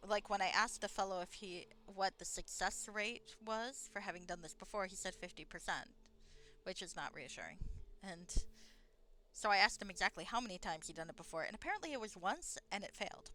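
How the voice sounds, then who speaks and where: A woman's voice: medium pitch, pushed and bright, slight background noise. A woman streamer giving chatty, self-deprecating live commentary on a fantasy computer game, laughing often as she talks.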